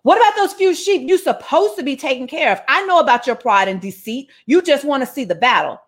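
A woman's voice: high voice, lively intonation, a little fast. A woman putting on a scornful, mocking big brother. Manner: sarcastic, belittling. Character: scornful older brother mocking his little brother.

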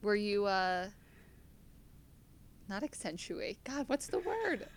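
A woman's voice: mid-range voice, sing-song, takes it slowly, a little hiss or hum. A young American woman co-hosting a podcast, chatting casually and laughing at herself. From United States. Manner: chatty, self-deprecating, laughs often. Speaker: podcast co-host. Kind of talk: casual chat.

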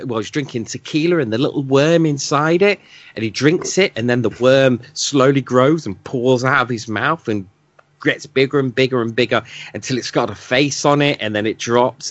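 Blunt, animated English podcast host. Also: male voice, mid-range voice, dry recording, lo-fi sound. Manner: blunt, animated, laughs often. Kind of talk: casual chat.

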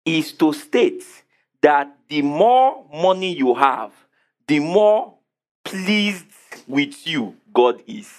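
Male preacher, high and very animated, emphatic, fires rhetorical questions at the congregation. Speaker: pastor. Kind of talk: sermon.

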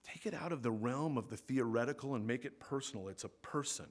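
A man preaching a sermon as pastor in a church, swinging between loud emphatic peaks and soft low asides. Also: fairly quick. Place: church sanctuary.

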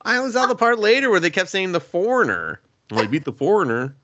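A man's voice: sits high, sing-song, fast, a bit bright, highs cut off, slight background noise. A man hosting a casual podcast, retelling an anime episode with quoted lines and laughter. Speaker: podcast host. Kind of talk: casual anime review chat.

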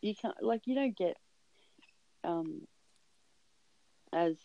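An Australian woman, a musician co-hosting a podcast, laid-back and deadpan in casual chat. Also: fairly low pitch, slow, creaky, dry recording. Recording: dull lo-fi sound.

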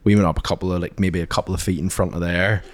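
Lad telling a yarn on a podcast, lowish voice, lots of "like" and swearing. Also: male voice, very fast. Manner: animated storytelling, swears freely, fillers of "like". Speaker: podcast co-host. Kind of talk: casual chat.

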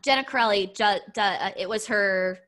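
A woman's voice: medium pitch, normal speed, fairly bright tone. A woman telling a heartfelt personal story in casual conversation, rambling with many fillers and restarts. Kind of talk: casual podcast chat.

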